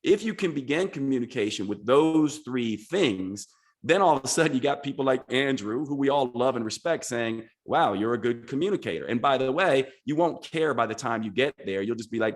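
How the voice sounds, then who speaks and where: A man's voice: medium pitch, expressive, a little fast. A man speaking as a podcast guest, explaining his ideas earnestly and in structured steps. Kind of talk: casual podcast conversation.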